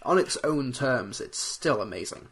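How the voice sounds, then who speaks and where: A man with a somewhat husky, mid-pitched voice co-hosts a casual podcast. He talks in a measured, analytical way and drops dry asides. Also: animated, a bit bright. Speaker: podcast co-host. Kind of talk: casual chat.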